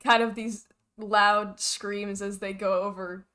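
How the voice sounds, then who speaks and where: A woman narrating as game master of a tabletop game, lively and halting with fillers. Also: mid-range voice, clean tone.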